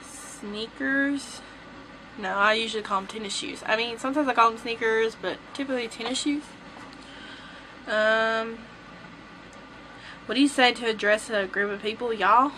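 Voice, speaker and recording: A woman's voice: on the high side, normal speed, pauses often, sharp tone, slight background noise, rough recording. A young woman with a Southern US accent, chatting playfully to the camera as a vlogger. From southern United States. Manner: playful, teasing. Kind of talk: casual chat to camera.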